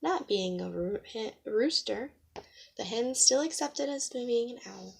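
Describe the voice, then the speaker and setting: A woman teacher reading a picture book aloud and reflecting on the lesson, gentle and questioning, with hushed asides. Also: fairly high pitch, lively intonation, measured pace, creaky, a little hiss or hum.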